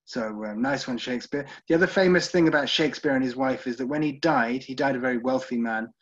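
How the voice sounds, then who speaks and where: A man's voice: mid-range voice, fast, a bit bright. Chatty man guiding a tour. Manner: chatty, wry asides, many ums. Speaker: tour guide. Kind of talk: casual online tour talk. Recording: slightly dull lo-fi recording.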